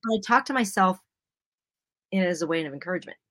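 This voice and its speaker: A woman's voice: on the low side, lively intonation, fairly quick, fairly bright tone, dry recording. A woman co-hosting a casual faith-based podcast chat, earnest and encouraging, often acting out her own self-talk. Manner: earnest, encouraging, quotes herself aloud. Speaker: podcast co-host.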